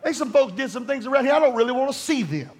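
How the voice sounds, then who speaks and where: Fervent high-pitched preacher man. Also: animated, fast, husky. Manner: fervent, rising to shouting, conversational asides to the congregation. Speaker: pastor. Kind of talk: sermon.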